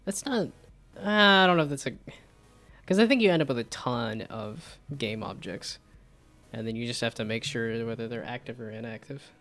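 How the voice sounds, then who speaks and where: A man streaming live, talking through his game projects in a loose, rambling way. He often restarts his sentences and pokes fun at his own work. His voice sits at a medium pitch, with faint music playing behind him. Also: lively intonation, moderate pace, fairly bright tone. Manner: rambling, self-deprecating, frequent restarts. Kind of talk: casual live-stream chat.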